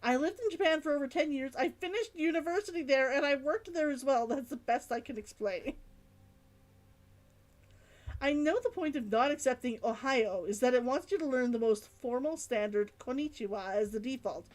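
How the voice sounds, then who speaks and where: A woman's voice: high voice, normal speed. A woman streamer chatting casually on a live stream, musing aloud and reading out chat comments.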